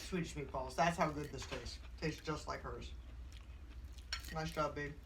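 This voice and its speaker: Soft-spoken woman chatting over dinner. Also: deep voice, unhurried, a little hiss or hum. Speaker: vlogger's partner. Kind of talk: casual chat at dinner. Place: outdoors.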